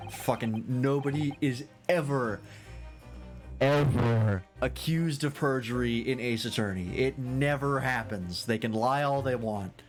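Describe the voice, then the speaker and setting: A man's voice: medium pitch, unhurried, music in the background. A man streaming a game, chatting casually, swearing and joking about himself. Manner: loose, self-mocking, swears casually. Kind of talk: casual gameplay commentary.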